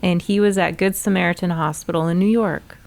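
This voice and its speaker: A woman's voice: lowish voice, fairly even intonation, fairly quick, creaky, a little mellow. A young adult woman hosting a casual podcast chat, talkative and laughing easily. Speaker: podcast host.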